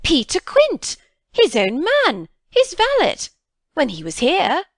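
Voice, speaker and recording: A woman's voice: sits high, wildly swooping pitch, takes it slowly, no echo, pitched above the performer's own voice, heavily acted. An older housekeeper, frightened and faltering, bursts out in broken exclamations, as a woman reads her lines. Her voice swoops up and down, sounding close and dry, with no room around it. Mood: alarmed. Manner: hesitant, gasping exclamations. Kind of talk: audiobook reading.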